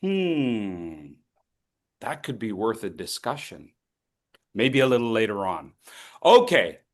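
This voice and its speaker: A man coaching public speaking on a video call, teasing his students by name and stressing his words slowly as he teaches. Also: lowish voice, big pitch swings. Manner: playful, teasing participants by name; slow, deliberate emphasis when teaching. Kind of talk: online voice workshop.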